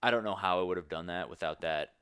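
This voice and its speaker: A young man with a very low voice speaks as a guest on a podcast, earnest and rambling as he circles back and restarts his thoughts. The sound is close and dry, with no room echo. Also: quick pace, sharp tone, clean tone. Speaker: podcast guest, strength coach. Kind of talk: candid conversational interview.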